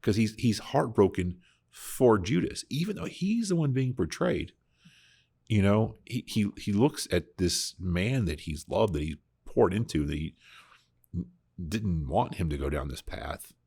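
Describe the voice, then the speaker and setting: A man's voice: fairly low pitch, animated, measured pace, gravelly, dark tone, husky. A man hosting a casual Bible discussion podcast, talking earnestly and reflectively, often restarting his sentences. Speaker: podcast host.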